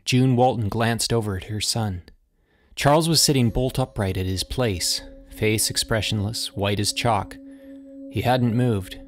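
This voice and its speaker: A man narrating a short story in a steady, measured audiobook reading. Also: lowish voice. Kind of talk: scripted narration.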